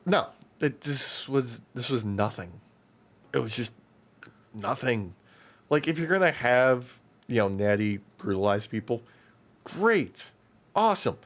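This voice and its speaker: A man co-hosting a wrestling podcast in casual chat, ranting with heavy profanity and animated outbursts. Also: mid-range voice, unhurried. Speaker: podcast co-host.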